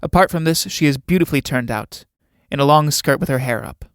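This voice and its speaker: A man's voice: medium pitch, fairly quick, fairly bright tone, dry recording, clean studio sound. Man reading stage directions. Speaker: narrator reading a play.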